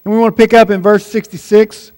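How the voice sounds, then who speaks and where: A man preaching a sermon, slow and deliberate, letting key words fall quiet for weight. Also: high voice, level tone. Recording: long hall reverb.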